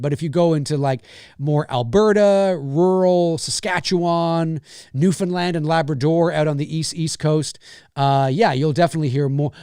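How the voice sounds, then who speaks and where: A man's voice: a little high, dry recording. Man, Canadian accent, live-stream host, casual rambling chat, dry close sound. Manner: rambling, animated, swears freely.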